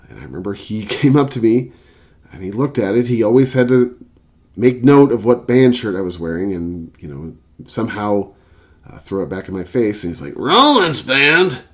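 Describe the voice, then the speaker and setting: A man's voice: on the low side, dark tone. A man telling a rambling anecdote and reviewing a record as a casual vlogger, with many fillers. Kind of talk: casual storytelling and album review.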